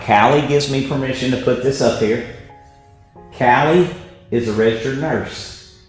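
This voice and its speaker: Male webinar presenter, mid-pitched, emphatic storyteller; very roomy echo, faint music behind. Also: fairly bright tone. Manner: emphatic storyteller, tags points with "right?". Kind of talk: motivational health talk. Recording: very echoey room, faint music.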